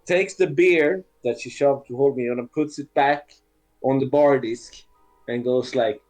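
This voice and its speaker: Brief: male tabletop player, slow, unhurried narration with faint music behind. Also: mid-range voice, a little mellow, poor audio. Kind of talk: narrating his character's actions.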